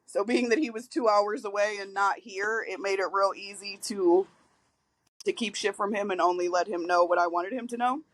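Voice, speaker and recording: A woman's voice: mid-range voice, steady tone, moderate pace, no room sound, low-quality recording. A woman in her forties speaks plainly and openly as a podcast guest, swearing now and then as she talks through her own past. Her voice is close and dry, with no room sound around it. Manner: candid, frank storytelling with casual swearing. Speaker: guest, reentry liaison. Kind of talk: casual podcast interview.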